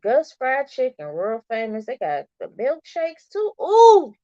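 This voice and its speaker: A middle-aged woman hosts a casual livestream and chats back to her viewers' comments. Her voice sits a bit high and swings widely in pitch at an unhurried pace. The audio is dry and a little dull and lo-fi. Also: dry recording. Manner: chatty, animated, talks back to viewers' comments. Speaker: livestream host. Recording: dull, slightly lo-fi stream audio.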